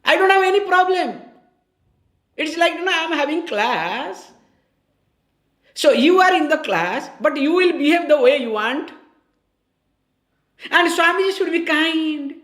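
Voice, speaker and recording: A woman with a high, light voice gives a spiritual teaching on scripture. She talks conversationally, pausing to check that her listeners follow and restating her key phrases. The sound is roomy, with a clear echo around her. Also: expressive, fairly bright tone. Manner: corrects and repeats key phrases. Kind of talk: scripture discourse.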